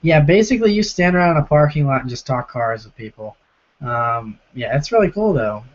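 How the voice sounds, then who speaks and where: Hoarse young man hosting a live Q&A. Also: on the high side, expressive, fairly quick. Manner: chatty, reads viewer comments aloud and answers them. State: hoarse, sore rough throat. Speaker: live stream host. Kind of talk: casual live-stream Q&A. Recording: lo-fi stream audio.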